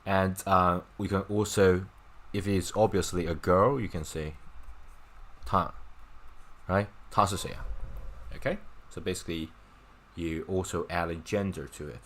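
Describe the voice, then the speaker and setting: A man's voice: sits low, fairly even intonation, a little slow, pauses often, fairly bright tone. A man runs an informal Chinese lesson. He talks in a loose, chatty way, keeps checking with "right?" and "okay?", and drops wry, mocking remarks along the way. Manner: wry, mocking asides with laughs. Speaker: Chinese language teacher. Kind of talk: casual online lesson.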